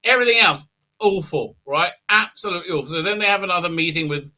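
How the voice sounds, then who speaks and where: A man's voice: sits high, fast, pushed and bright. A man hosting a casual review, rambling and irreverent with many fillers. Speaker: show host and reviewer.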